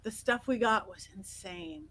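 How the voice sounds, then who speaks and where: A middle-aged woman guest on an interview, telling stories in an animated way, acting out quotes and laughing often. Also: medium pitch, unhurried, poor audio. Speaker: guest psychic medium. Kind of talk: casual interview storytelling.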